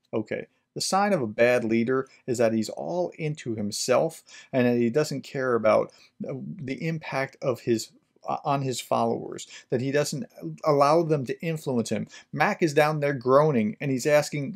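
Gravelly-voiced man explaining. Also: mid-range voice, moderate pace. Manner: conversational, explanatory asides with fillers. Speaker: management professor and podcast host. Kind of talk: reading a children's book with commentary.

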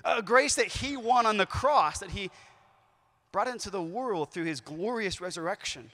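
A man speaks to a youth conference, telling stories with lively, shifting emphasis. His voice sits high for a man. Long reverb from the large hall trails each phrase.

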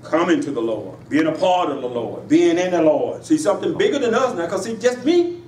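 A man preaching a Sunday sermon with a high voice that climbs on each emphatic line. His voice carries through a roomy, echoing sanctuary, picked up from a distance over a faint hiss. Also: sing-song, a little fast, a little mellow. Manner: call-and-response preaching with rising emphatic lines and laughs. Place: church sanctuary. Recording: echoey church room, voice from afar, faint hiss.

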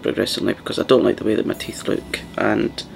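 A man with a deep, heavily gravelly voice chats in a soft ASMR style, drifting between quiet speech and whispers. He rambles easily from thought to thought, with a faint hum of noise behind him. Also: level tone, quick pace. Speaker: ASMR channel host. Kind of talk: soft-spoken ASMR chat.

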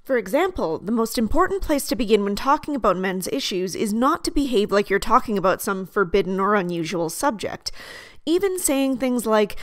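Woman host, mid-pitched, steady and articulate, reads her script dry and close to the mic. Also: no echo. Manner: measured, articulate delivery. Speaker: video essay host. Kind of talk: scripted commentary.

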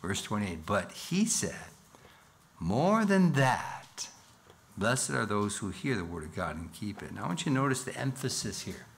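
A man's voice: lowish voice, lively intonation, fairly quick, gravelly, hardly any pauses, fairly bright tone, a little hiss or hum. A man preaching a sermon in church as pastor, earnest, with rhetorical questions and a rising, emphatic reading of scripture. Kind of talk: expository sermon.

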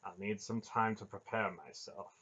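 A man voicing a devout, austere male cave-dweller who speaks quietly and tersely, on a dull lo-fi recording. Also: lowish voice, fairly even intonation, moderate pace, breathy edge, heavily acted.

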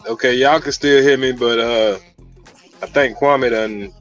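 A man's voice: mid-range voice, steady tone, a little slow, fairly bright tone, highs cut off, soft background music. A man hosting a livestream, chatting casually with his viewers while fixing a dropped stream. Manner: laid-back, talks to chat. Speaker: livestream host.

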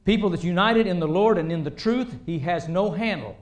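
A male preacher delivering a sermon in a high-pitched voice. He talks in an animated way, pressing points hard and then dropping to quiet asides. The sound rings around an echoey church sanctuary. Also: brisk. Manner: animated, rising and dropping between loud emphasis and quiet asides.

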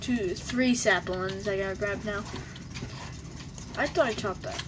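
A woman's voice: medium pitch, a little slow, background noise. A young woman giving casual, rambling gameplay commentary, joking and talking to herself while she plays. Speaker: gamer.

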